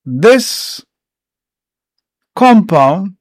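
Slow, unhurried male herbal teacher. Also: high-pitched, big pitch swings, dry recording. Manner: unhurried, explains step by step with many pauses. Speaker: herbal educator. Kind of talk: informal explanatory talk.

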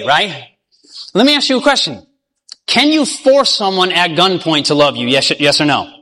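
A male preacher with a high, bright voice, telling a story in a sermon. He acts out the voices in it and keeps asking his listeners questions. His voice rings with long reverb, as in a big hall.

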